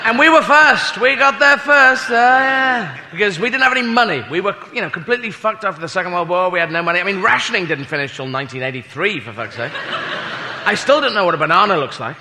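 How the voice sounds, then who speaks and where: A man's voice: high voice, expressive, quick pace, bright, forceful tone. A British man doing a rambling, self-mocking stand-up comedy set before a live audience. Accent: British English. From Britain. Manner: rambling, self-mocking, slips into silly voices. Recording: echoey hall with audience noise.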